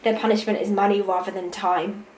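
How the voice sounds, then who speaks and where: A woman giving a tarot reading in a monologue. She speaks intuitively, pauses with fillers, and repeats key words for emphasis. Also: mid-range voice, flat delivery, a little mellow, roomy sound, a little hiss or hum, low-quality recording. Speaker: tarot reader.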